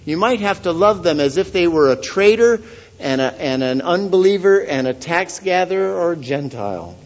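A man giving a sermon as pastor, earnest and questioning the congregation, swelling to loud emphasis on key points. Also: high voice, expressive, moderate pace, highs cut off. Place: church.

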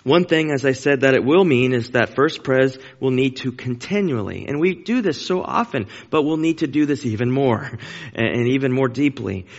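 An earnest man preaches to his congregation, driving his points home by repeating them. His voice has a middle pitch and rings with a long reverb through the church sanctuary. The recording sounds a little dull and lo-fi. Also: animated, normal speed. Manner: earnest, emphatic, repeats key phrases. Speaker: pastor. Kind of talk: sermon.

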